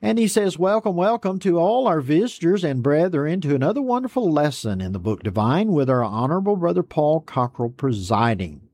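Mellow, folksy man hosting a Bible program. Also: on the high side, sing-song, dry recording. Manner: folksy and unhurried, reads messages aloud then chats back. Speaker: host of an online Bible study program. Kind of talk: casual chat reading out viewer greetings.

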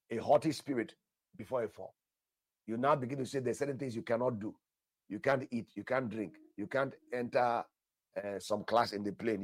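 A man preaching an emphatic, animated sermon, praying in tongues, repeating phrases and calling listeners "sir". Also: mid-range voice, slightly rough, dry recording.

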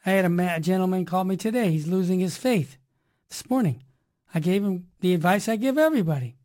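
A woman's voice: on the low side, brisk, dark tone. A woman hosting a religious talk radio show in an emphatic, preachy monologue full of rhyming slogans.

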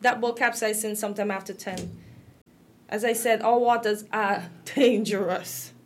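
A woman's voice: medium pitch, steady tone, a little slow, a little hiss or hum. A woman from Guyana with a Guyanese accent, talking in a casual, impassioned and indignant way. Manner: impassioned and indignant, voice rising with upset. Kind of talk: emotional casual talk.

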